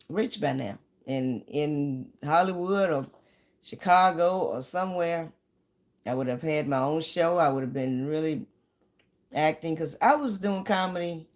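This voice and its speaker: Chatty rambling woman comedian. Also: on the low side. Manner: chatty and rambling, with sudden shouts and sung bits. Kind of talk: casual stand-up storytelling.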